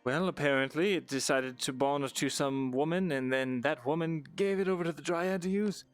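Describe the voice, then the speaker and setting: A roleplay player plays a careful male scribe who sticks to the rules in a live fantasy game, hedging with plenty of ums and uhs and dry understatement. His slightly high voice is clear, resonant and natural at normal speed, over soft background music.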